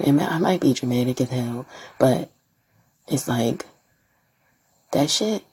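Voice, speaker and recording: A young adult woman hosting her own podcast, talking in a blunt, profane, animated way that swings between loud outbursts and hushed whispers. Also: rumbling low, husky. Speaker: podcast host and streamer. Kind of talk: casual solo podcast rant.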